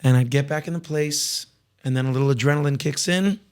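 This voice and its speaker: A man with a slightly raspy, edgy voice that sits a bit high for a man. He speaks as a singer guest on a podcast, candid and reflective. His sentences often loop back and restart. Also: brisk, darkish tone. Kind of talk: casual interview conversation.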